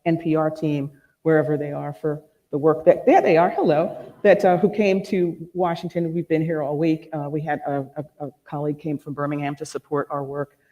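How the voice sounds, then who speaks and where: A man's voice: a little high, level tone, normal speed, dark tone, muffled recording. A man moderating a live event, giving gracious, chatty thanks and passing on an audience question. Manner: gracious, chatty, with small restarts. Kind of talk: closing remarks and audience question.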